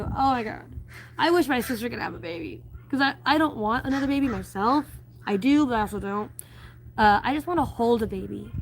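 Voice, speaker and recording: A woman's voice: fairly high pitch, a little hiss or hum. A woman chatting casually on a live stream, reading viewer comments aloud and rambling with many fillers and restarts.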